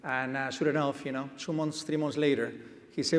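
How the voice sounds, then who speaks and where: The CEO of a medtech company tells a self-deprecating anecdote from a large conference hall stage. His mid-range voice is level and a little fast, and the hall's reverb is audible.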